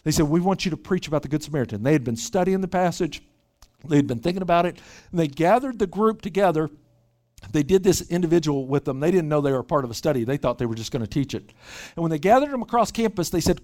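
A man delivering a sermon to a retreat gathering. His pitch sits somewhat high and moves a great deal, rising and falling as he presses each point. He stumbles over and repeats opening words as he goes. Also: fast. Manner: animated, repeats words when starting a thought. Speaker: pastor. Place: church retreat session.

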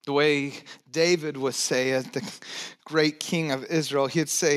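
Male pastor, slightly high-pitched, preaching with hushed dips and emphatic swells, casual humor. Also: fairly even intonation, measured pace, smooth. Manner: dynamic preaching, dropping to soft near-whispers and rising to emphatic points; conversational, joking asides. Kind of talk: sermon.

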